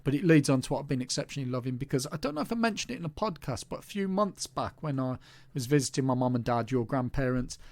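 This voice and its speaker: A man's voice: mid-range voice, expressive, fast talker, a little mellow, dry recording. A middle-aged man from Birmingham hosting a podcast, chatting in a jokey, rambling way and swearing casually. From Birmingham, England. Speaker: podcast host. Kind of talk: casual chat.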